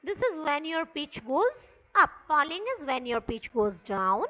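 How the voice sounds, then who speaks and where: A woman teacher speaks in a bright, high voice that moves widely up and down. She explains slowly and deliberately, as in a classroom lecture. The recording is dull and lo-fi. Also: very animated. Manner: slow, deliberate, demonstrating pitch on example sentences.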